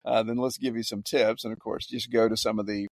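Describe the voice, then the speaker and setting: A man, a farmer guest on a podcast, telling stories in a halting way with many repeated words. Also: lowish voice, little pitch movement, no room sound. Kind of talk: casual podcast interview.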